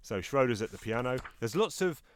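A man's voice: medium pitch, brisk, a little hiss or hum. A man co-hosting a casual podcast, describing comic strips and acting out the characters' lines with animation. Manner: animated, acts out comic dialogue. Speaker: podcast co-host. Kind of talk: casual chat, reading comic strips aloud.

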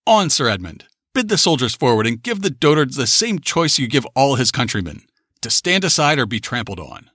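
Man voicing a fierce scornful colonial official, bright, lively pitch. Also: fairly quick, slightly rough, no echo, clean studio sound, full character voice.

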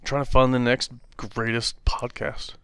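A man's voice: medium pitch, little pitch movement, measured pace, a bit bright, smooth, no echo. A man co-hosting a casual podcast, laid-back, with dry remarks. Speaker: podcast co-host. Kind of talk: casual comic book podcast chat.

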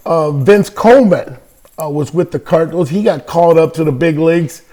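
An older man from California spins an old ballplayer's tale in a loose, chatty interview. His voice sits a touch high for a man, and he keeps it lively with fillers and quick laughs. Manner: animated anecdote telling with frequent laughs and fillers. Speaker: podcast guest, former baseball player. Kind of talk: casual storytelling interview.

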